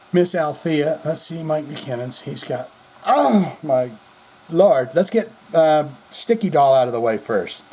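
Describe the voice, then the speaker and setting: A man's voice: medium pitch, darkish tone, slightly rough. A man hosting a casual vlog, talking in a rambling, profane and goofy way. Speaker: host.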